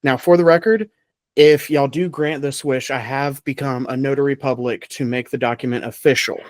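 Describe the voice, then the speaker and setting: A man's voice: medium pitch, fairly even intonation, moderate pace, no room sound. A man hosting a casual podcast game show, playful and laughing often between rules.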